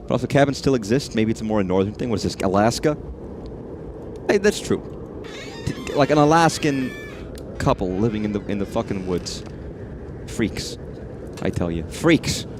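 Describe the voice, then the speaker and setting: Brisk and lively, a lowish male voice comes over a noisy background as he streams a horror game. He rambles and swears without restraint, chatting at the on-screen creatures in casual commentary.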